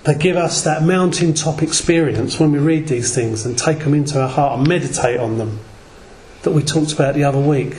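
Man, lay preacher, sermon, slow deliberate scripture reading, slightly high voice, reverberant room. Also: a little mellow, a little hiss or hum. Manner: slow, deliberate reading with stumbles and self-corrections. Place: small gathering in a reverberant room. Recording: echoey room recording.

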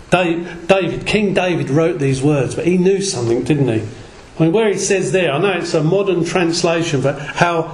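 Slow, deliberate preacher man, echoey room. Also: on the high side, darkish tone. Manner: slow, deliberate reading with stumbles and self-corrections. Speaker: lay preacher. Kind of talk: sermon with scripture reading. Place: small gathering in a reverberant room.

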